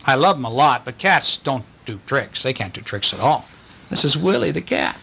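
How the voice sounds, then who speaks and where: A man reads bedtime picture books to a child while lying in bed. His bright voice rises and falls in a lively way. He keeps stopping to chat about the drawings. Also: mid-range voice, creaky, husky, rough recording. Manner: playful, chatty, pauses to point at pictures. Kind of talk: bedtime story reading. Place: in bed at home.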